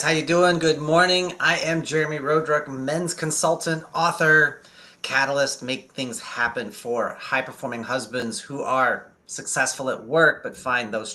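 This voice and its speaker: Man, talk-show guest, bright voice, quick and excited, slows for emphasis. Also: medium pitch. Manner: fast and excited, slowing down to stress points. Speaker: men's consultant guest. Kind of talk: energetic live-show talk.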